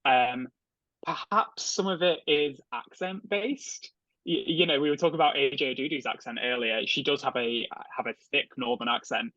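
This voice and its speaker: A man's voice: mid-range voice, normal speed, bright, forceful tone, dry recording, lo-fi sound. A man with a Liverpool accent chatting casually as a panelist, hesitant with many restarts. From England. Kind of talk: casual discussion.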